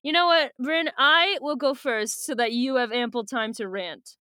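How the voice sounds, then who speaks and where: A woman's voice: high-pitched, moderate pace, pushed and bright, smooth, no room sound, studio quality. A young woman co-hosting a podcast, recapping a book in a chatty way with many fillers and frequent laughs. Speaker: podcast co-host. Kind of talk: casual book recap and chat.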